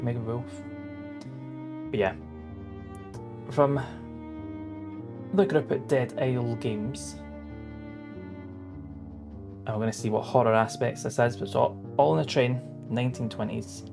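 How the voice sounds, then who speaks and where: A man streams a game, chatting in an upbeat, casual way and reading text aloud over game music. His medium-pitched voice has vocal fry, a measured pace, and long pauses.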